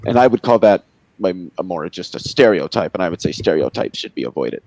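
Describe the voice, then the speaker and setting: A man's voice: low voice, sing-song, fairly quick, a little mellow, no echo, poor audio. A man in a casual debate chat who hesitates and restarts, then turns blunt and swears.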